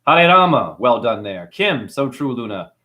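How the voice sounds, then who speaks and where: A man's voice: medium pitch, big pitch swings, normal speed, sharp tone. A man with a New Zealand accent hosting a livestream, rambling and preachy as he reads out chat messages. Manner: rambling, preachy, calls listeners honey. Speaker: livestream host. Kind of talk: livestream monologue reading chat.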